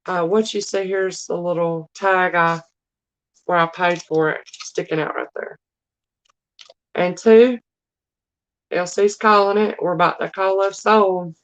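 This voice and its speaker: Southern woman, live seller, unhurried, folksy, calls viewers y'all. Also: lowish voice, steady tone. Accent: Southern US drawl. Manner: chatty, addresses viewers as y'all and darling. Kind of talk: casual live-stream selling.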